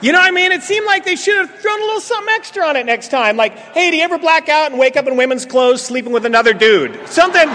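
A man's voice: extremely high pitch, noisy background. A middle-aged man telling funny stories to a meeting, acting out bits of dialogue and joking with the crowd. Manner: joking, storytelling, acts out dialogue. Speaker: speaker at a recovery meeting. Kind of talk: humorous recovery talk to an audience. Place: meeting hall. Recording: reverberant hall, audience laughter.

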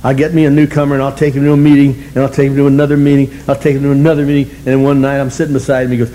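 A man's voice: mid-range voice, completely flat delivery, very fast, few pauses, dark tone, slight background noise, poor audio. An older man speaking to a recovery meeting audience, blunt and self-mocking, chuckling as he tells his story. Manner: wry, self-mocking humor, chuckling often; blunt, colorful language.

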